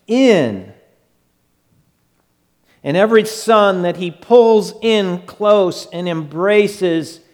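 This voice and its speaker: Male pastor, high voice, slow emphatic sermon delivery, long hall reverb. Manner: slow, emphatic preaching with quick acted asides.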